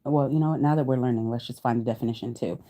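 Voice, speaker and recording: A woman in her thirties hosting a casual livestream chat, reading search results aloud to viewers, laughing often and sounding out hard words slowly. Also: rumbling low, mellow. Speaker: livestream host.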